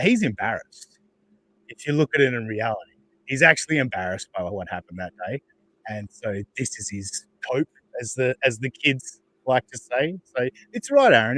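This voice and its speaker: A man's voice: mid-range voice, fairly bright tone, no room sound, clean studio sound. An Australian man hosting a podcast, chatting casually with sarcastic asides, frequent laughs and swearing. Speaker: podcast host. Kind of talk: casual chat.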